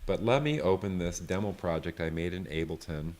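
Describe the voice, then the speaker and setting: A man giving a live online software tutorial, loose and chatty, often checking in with "right?". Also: low-pitched, brisk, slight background noise. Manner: loose, full of fillers and restarts. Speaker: software creator teaching a session.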